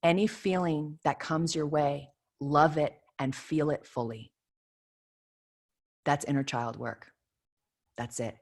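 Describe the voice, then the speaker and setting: A woman in her thirties giving an earnest inspirational spiritual talk as leader of an online prayer circle, repeating affirmations with emphasis. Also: fairly low pitch. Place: home video call.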